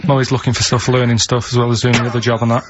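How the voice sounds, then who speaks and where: A man with a Manchester accent on a comic radio chat, telling rambling anecdotes in a deadpan way. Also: mid-range voice, rapid-fire, lo-fi sound, background noise. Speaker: radio show regular.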